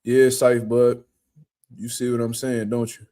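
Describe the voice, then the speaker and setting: Animated profane man commentating on boxing. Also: mid-range voice, a little slow. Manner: animated, profane, slangy street talk with mocking impressions. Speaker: boxing show host. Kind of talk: casual livestream commentary reading chat.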